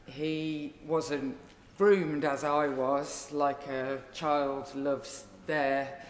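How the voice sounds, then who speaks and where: A woman's voice: deep voice, steady tone, very slow. A woman with a Birmingham accent, a member of parliament giving a tribute speech that mixes fond jokes with laughter. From Birmingham, England. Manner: warm, joking, laughs between phrases. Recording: echoey chamber with long reverb.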